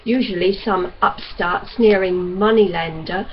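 A despairing young gentleman, read by a woman, speaks with sneering bitterness that keeps flaring into savage outbursts. His voice sits mid-range and comes through a dull, lo-fi recording with a faint hiss. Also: mid-range voice, steady tone, a little slow, close to an everyday voice. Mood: bitter.

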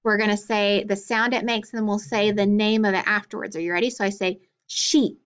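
A woman teaching a phonics lesson to children, spelling out letters and sounds clearly and praising often. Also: medium pitch, steady tone, brisk. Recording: dull lo-fi recording.

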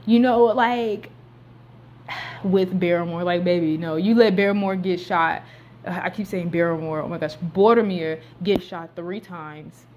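A young woman recaps a film in a loose, chatty vlog voice. She bounces from quiet, muttered asides to sudden loud bursts. A faint hiss of background noise sits under the recording. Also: fairly low pitch, unhurried, muffled recording. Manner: animated, slangy, swings between hushed and loud outbursts. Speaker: movie recap vlogger. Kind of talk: casual excited movie recap.

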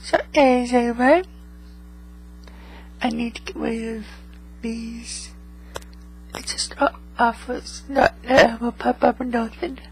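High-voiced rambling woman vlogger. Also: fairly even intonation, slow, long pauses, slightly rough, low-quality recording. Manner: rambling, checks in with 'okay?' after most remarks. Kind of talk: casual chat to viewers. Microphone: USB microphone.

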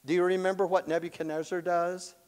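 Animated male Bible teacher in a hall. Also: high voice, brisk, clean tone. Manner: lively storytelling, acts out characters, chuckles often.

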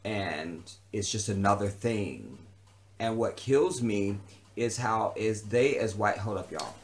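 A man's voice: lowish voice, expressive, slow pace. A man delivering an unscripted vlog rant in a heated, profane, emphatic way, often repeating a phrase for emphasis. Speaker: vlogger. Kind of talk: unscripted ranting monologue.

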